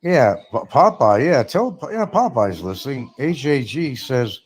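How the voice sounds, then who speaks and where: A man's voice: mid-range voice, big pitch swings, unhurried, few pauses, husky. A man hosting a casual livestream, rambling sarcastically and reading chat comments aloud. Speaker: livestream host.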